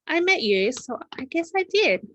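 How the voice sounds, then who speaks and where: A woman voicing an eager, caring young boy, read brightly in a storybook manner. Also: fairly high pitch, expressive, moderate pace, pitched above the performer's own voice.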